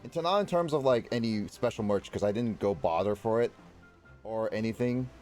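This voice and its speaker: A man's voice: on the low side, expressive, brisk, darkish tone, soft background music. A young man streaming a game, chatting casually and rambling between reading lines aloud. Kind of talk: casual let's-play commentary.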